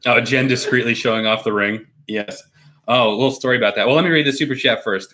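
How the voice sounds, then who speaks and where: A man's voice: medium pitch, expressive, brisk, sharp tone. A man hosting a casual live stream, rambling and reading viewer comments aloud. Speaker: host.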